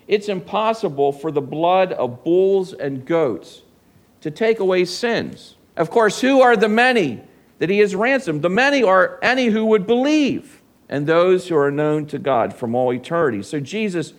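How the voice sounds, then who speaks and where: A man's voice: high-pitched, expressive, unhurried. A man preaching a sermon in an earnest way, often asking his listeners rhetorical questions.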